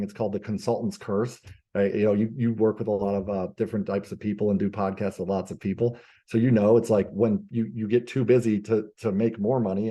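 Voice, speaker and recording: Business coach guest: male, low mellow voice, animated storyteller, loose with fillers and restarts. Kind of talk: conversational podcast interview.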